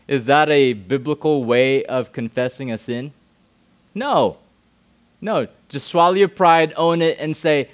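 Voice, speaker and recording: A man's voice: mid-range voice, fairly even intonation, moderate pace. A middle-aged male pastor giving a youth sermon in a conversational way, often asking the room questions and repeating himself.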